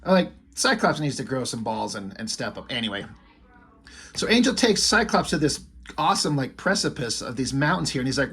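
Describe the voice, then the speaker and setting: A man's voice: mid-range voice, very animated, brisk, a bit bright, breathy edge. A man who reviews comics and draws, retelling a story in a rambling, casual way full of fillers. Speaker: comic book reviewer and artist.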